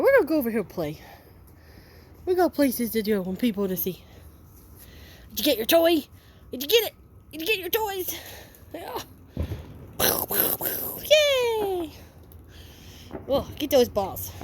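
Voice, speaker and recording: A woman dog breeder casually talking outdoors in a backyard, slipping into squeaky sing-song baby talk for her puppies. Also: big pitch swings, a little slow, pauses often, darkish tone. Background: faint outdoor noise with distant fireworks.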